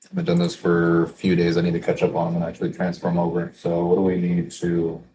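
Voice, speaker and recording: A man in a casual solo work session, thinking aloud and reading quotes slowly, chuckling to himself now and then. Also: sits low, monotone, noisy background. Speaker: business consultant reading daily quotes.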